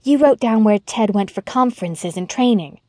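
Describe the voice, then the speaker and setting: A woman narrator voicing a stylish, dramatic young woman in a soft, sweet, slightly higher voice. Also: animated, normal speed, no echo, clean studio sound, close to an everyday voice. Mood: earnest.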